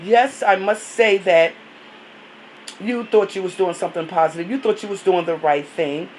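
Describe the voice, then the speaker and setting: A woman vlogger giving an encouraging, preacherly message in an informal, repetitive way, with many fillers and drawn-out phrases. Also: on the low side, a little mellow, slight background noise, rough recording.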